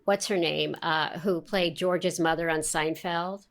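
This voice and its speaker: A woman's voice: low-pitched, fairly even intonation, a little slow. An older woman from Queens with a New York accent, chatting as a guest in a casual interview, rambling with lots of fillers and restarts. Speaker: guest voice actress.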